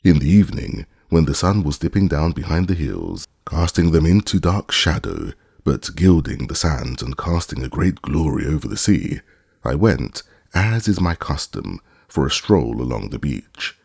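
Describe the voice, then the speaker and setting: A man narrating a classic short story as an audiobook, in a measured, deliberate way. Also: a bass voice, sing-song, creaky, a little mellow, slightly rough, dry recording, studio quality.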